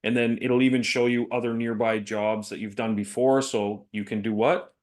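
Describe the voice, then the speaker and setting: A man's voice: mid-range voice, fairly even intonation, moderate pace, few pauses. A man co-hosting a business podcast, talking casually, telling stories and laughing often. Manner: chatty, laughs often, storytelling. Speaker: podcast co-host.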